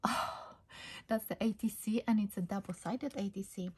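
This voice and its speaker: A woman's voice: mid-range voice, fairly even intonation, normal speed, husky. A woman hosting her craft channel, chatting casually and gushing about a handmade card she received. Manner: gushing, repeats "I love". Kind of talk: casual chat opening mail.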